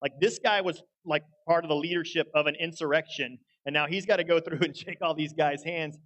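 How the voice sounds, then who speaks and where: A man's voice: a little high, fairly even intonation, fairly quick, fairly bright tone, low-quality recording. A young man preaching a sermon, folksy and earnest as he tells a story. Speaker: guest preacher.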